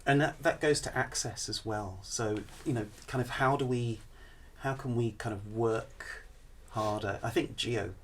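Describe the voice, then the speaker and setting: A man speaking on a panel, halting and restarting his sentences often. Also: mid-range voice, slight background noise. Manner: halting, many restarts and fillers. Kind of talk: panel discussion.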